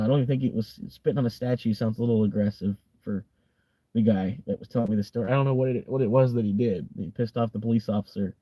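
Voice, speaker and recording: A young man from the United States talks loosely to his viewers, circling back on himself with fillers and laughing easily. His voice is mellow and dark-toned, recorded close and dry with no room sound. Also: medium pitch, no echo. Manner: rambling, laughs often, many fillers. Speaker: livestream host. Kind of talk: casual livestream chat.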